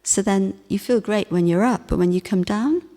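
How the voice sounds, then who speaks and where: A woman giving a spiritual class talk, speaking in a gentle, reflective way with soft emphasis. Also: medium pitch, normal speed. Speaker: spiritual teacher. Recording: long hall reverb.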